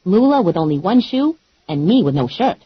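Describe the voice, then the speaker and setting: A woman narrating an audiobook in first person with a wry, deadpan comic delivery. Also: fairly low pitch, normal speed, breathy edge, no echo, muffled recording.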